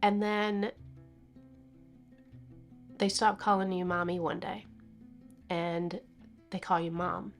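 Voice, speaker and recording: A woman's voice: lowish voice, flat delivery, slow pace, long pauses, faint music behind. A woman in her fifties talking in a personal vlog, teary and sniffling, laughing and crying at once and dropping into whispers. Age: 50s. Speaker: vlogger.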